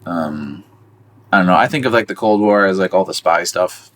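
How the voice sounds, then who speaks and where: Deep-voiced man chatting hesitantly. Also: normal speed, fairly bright tone. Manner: rambling, hesitant, full of fillers. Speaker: podcast co-host. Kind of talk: casual film discussion.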